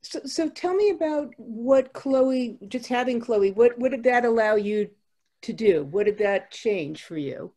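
Woman, interviewer, slightly high lively voice, warm tone. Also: unhurried. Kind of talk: interview questions.

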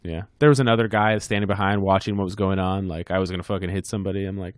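A man's voice: low-pitched, steady tone, rapid-fire, hardly any pauses, no room sound, clean studio sound. Worked-up man swearing through a story. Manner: heated storytelling, frequent swearing. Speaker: podcast co-host. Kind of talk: casual podcast chat.

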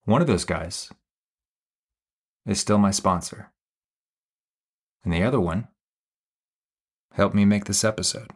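A man hosting a podcast, narrating a personal story in an intimate, confessional way and slowing down on key phrases. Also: lowish voice, breathy edge. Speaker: podcast host. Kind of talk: personal narration over music.

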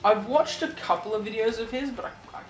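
A man's voice: high voice, fairly quick. Sarcastic young Australian man, echoey room. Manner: dry, sarcastic, swearing. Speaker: co-player. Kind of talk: casual gaming chat. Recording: roomy room with noise.

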